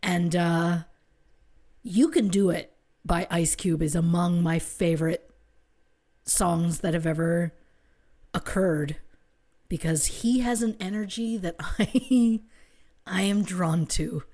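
A woman co-hosting a podcast, talking casually in a chatty, rambling way with quick bursts. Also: lowish voice, fairly even intonation, warm tone. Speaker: podcast co-host. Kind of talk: casual chat.

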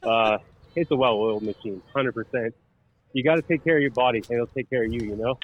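A man's voice: medium pitch, a little fast, lo-fi sound. A man wearing a mic on the field, out of breath and joking about himself. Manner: jokey, self-mocking. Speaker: mic'd-up player. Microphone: wireless mic worn on the field.

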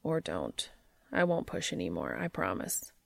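A woman reading the lines of a gentle, concerned man in a quiet, coaxing way. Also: extremely low pitch, huge pitch swings, measured pace, gravelly, no echo, pitched below the performer's own voice, full character voice.

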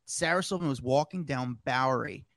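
A man co-hosting a podcast who tells his own paparazzi stories in an animated way, often laughing as he goes. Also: mid-range voice, brisk, creaky, no room sound. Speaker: podcast co-host, former paparazzo. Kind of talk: casual podcast storytelling.

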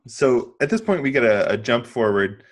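A man's voice: mid-range voice, expressive, normal speed. A man hosting a casual podcast chat, recapping a film with frequent laughs and restarts. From lived in Western North Carolina. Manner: laughs often, rambling with restarts.

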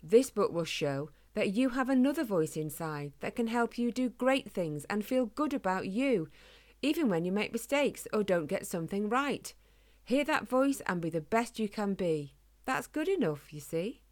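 A woman hosting a bedtime story show, calmly introducing the book and its author. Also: mid-range voice, normal speed. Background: music.

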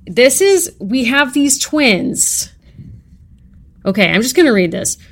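A woman with a slightly raised pitch co-hosts a casual podcast. She talks with wry, theatrical exasperation, mixing banter with read-aloud passages. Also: sing-song, slow. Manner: wry, dramatic, exasperated humor. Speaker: podcast co-host. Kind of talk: casual podcast chat, reading a book aloud.

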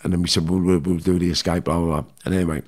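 A man's voice: low-pitched, racing. A middle-aged man casually telling his own story, blunt and slangy with lots of swearing. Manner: blunt, heavy swearing, slangy, animated retelling.

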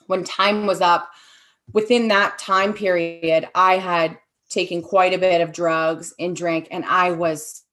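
Woman, slightly low voice, candid, halting, filler words, interview guest. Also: fairly bright tone. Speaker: guest sharing her story. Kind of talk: personal testimony interview.

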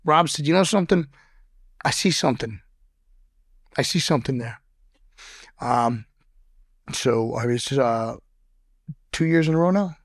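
A man guest on a podcast telling rough, profane stories in a blunt way, often stammering and restarting his sentences. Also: medium pitch, lively intonation, unhurried, long pauses, no echo, studio quality. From Boston. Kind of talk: casual interview storytelling.

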